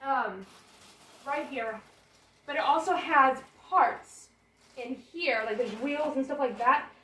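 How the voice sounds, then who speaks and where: A woman's voice: high voice, takes it slowly, sharp tone. A young woman, chatting and rambling as she unpacks baby gear in her apartment bedroom for a home vlog. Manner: chatty and rambling, thinks aloud while unpacking. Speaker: vlogger. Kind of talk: casual vlog chat. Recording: roomy sound, camera a bit far off. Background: portable air conditioner hum.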